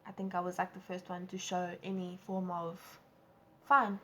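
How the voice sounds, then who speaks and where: A young woman with a South African accent telling a storytime vlog, animated and acting out quotes. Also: fairly quick, a little hiss or hum. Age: young adult. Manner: animated, acts out quotes with big pitch jumps. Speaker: vlogger. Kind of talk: casual storytime.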